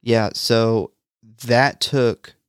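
A man's voice: mid-range voice, fairly even intonation, extremely slow, smooth, no room sound, studio quality. A man co-hosting a casual podcast, recapping a movie and reading trivia in a laid-back way with frequent laughs. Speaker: podcast co-host.

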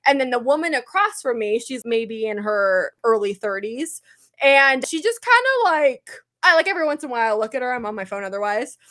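A woman co-hosting a casual podcast, telling a story in an animated way, swearing often and acting out the people she quotes. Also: on the high side, brisk. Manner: animated, swears a lot, acts out quoted voices. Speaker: podcast co-host.

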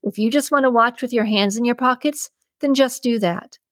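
A woman reading aloud lifts her voice into a keen young detective, raised well above her own pitch and pressing every point. The sound is close and dry, with no room around it. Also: normal speed, no room sound, lightly acted. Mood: insistent. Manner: eager and insistent. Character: determined young female detective, excitable.

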